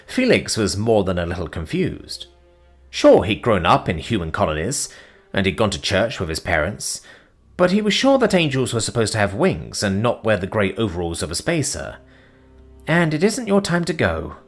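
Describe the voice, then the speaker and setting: A man reads a science fiction story in a dramatic audiobook style. His low voice rises and falls in a very animated way. Soft music plays beneath the narration. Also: moderate pace. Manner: dramatic, expressive.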